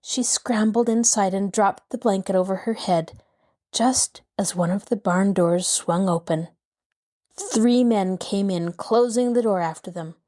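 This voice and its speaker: A woman host narrating a mystery novel aloud with a lively, dramatic delivery. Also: mid-range voice. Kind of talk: scripted storybook narration.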